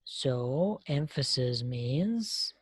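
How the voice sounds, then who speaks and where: A woman's voice: extremely low pitch, expressive, breathy edge, no room sound. A woman teaching a live online English lesson, explaining patiently and often checking that students follow. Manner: slow explaining, frequent checking questions. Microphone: online lesson connection.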